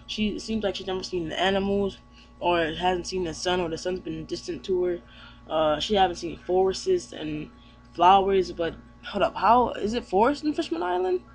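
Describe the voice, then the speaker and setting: A man with a high-pitched voice recaps a comic chapter in loose, rambling speech, trailing off and restarting as he goes. He sounds easygoing and unscripted, with a faint hum in the background. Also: moderate pace. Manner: rambling, with lots of fillers and restarts. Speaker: anime reviewer.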